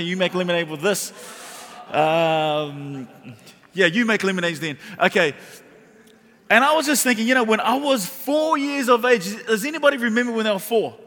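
A man preaching a sermon, telling a funny personal story and talking straight to the congregation. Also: high voice. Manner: animated and humorous, addresses the audience directly. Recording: reverberant hall.

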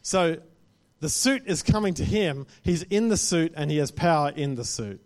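A man's voice: fairly high pitch, lively intonation, normal speed. A man preaching a sermon to a congregation, speaking conversationally and often checking in with "right?".

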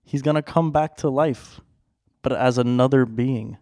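A man's voice: mid-range voice, measured pace, dark tone, no echo. Podcast guy explaining stuff, teasing, dry close mic, mid voice. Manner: explaining patiently, teasing, laughs often. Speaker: podcast co-host. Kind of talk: casual chat.

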